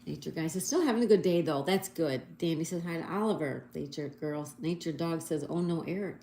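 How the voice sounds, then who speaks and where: A woman's voice: low-pitched, brisk, warm tone. A woman hosting a casual livestream, reading viewers' comments aloud and greeting them cheerfully while working through a crossword. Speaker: livestream host. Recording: echoey room, faint background noise.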